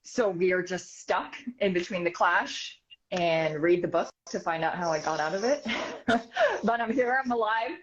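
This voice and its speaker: A woman from the United States, a news reporter and author, telling an animated story as an interview guest, quick and full of fillers. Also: fairly low pitch, a little hiss or hum. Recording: slightly dull, muffled sound.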